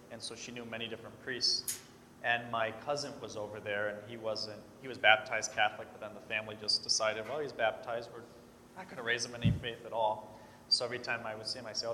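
A man's voice: medium pitch, pushed and bright, slight background noise. Man preaching in an echoey church. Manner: storytelling, acts out quoted voices, conversational. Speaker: Catholic priest. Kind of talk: sermon. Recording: echoey church hall with long reverb.

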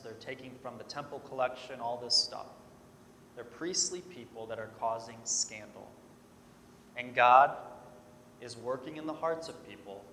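A man preaches to his congregation in a loose, storytelling way, acting out the voices of the people in his stories. His voice is bright and forceful. It rings through a large echoey church with a long reverb tail. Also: medium pitch, a little hiss or hum. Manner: storytelling, acts out quoted voices, conversational. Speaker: Catholic priest. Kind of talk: sermon.

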